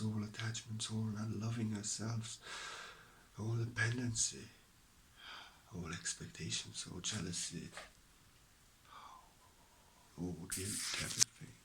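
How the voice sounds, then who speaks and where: A man giving a slow, meditative spiritual talk at home, drifting between soft whispers and a fuller voice, with a mixed accent from living all around the world. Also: on the low side, steady tone, slight background noise. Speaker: spiritual teacher. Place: at home beside his stove.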